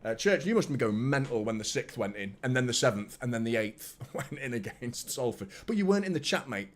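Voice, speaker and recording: A man chats his way through a live football watchalong stream as host. His voice sits in an ordinary middle pitch. He talks excitably, greets viewers one by one and circles back over his own words. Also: a little fast. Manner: excitable, chatty, greets viewers by name, repeats himself. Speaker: fan channel host.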